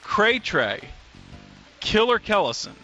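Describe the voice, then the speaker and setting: Bright-voiced, playful comedy host who keeps pushing his guests. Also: high voice, very animated, takes it slowly, dull audio, faint music behind, some chatter behind. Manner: teasing, eggs others on. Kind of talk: casual comedy banter.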